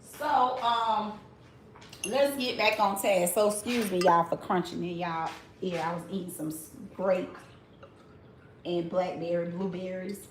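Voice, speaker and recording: A woman's voice: on the low side, echoey room, a little hiss or hum. A woman in her forties hosting a live-stream commentary, blunt and sassy, talking straight to her chat. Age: 40s. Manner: drawn-out, talks straight to the chat.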